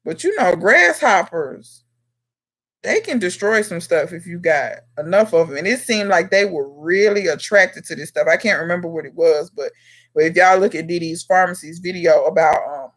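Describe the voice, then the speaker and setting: A home gardener runs a casual live Q&A stream, chatting directly with viewers by name and teasingly scolding them. Her mid-range voice is a bit bright, with lively intonation at a normal speed.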